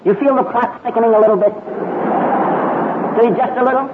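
A man's voice: extremely high pitch, fairly even intonation, a little fast, pauses often. A man preaching a sermon, telling a Bible story dramatically and acting out the characters' speech. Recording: tinny phone-like radio broadcast with crowd noise.

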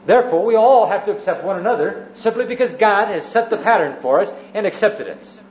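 A man's voice: sits high, animated, a little fast, darkish tone, slight background noise. A man preaching an evening sermon in a church, teaching in orderly sections and repeating key phrases for emphasis. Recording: roomy, muffled church recording.

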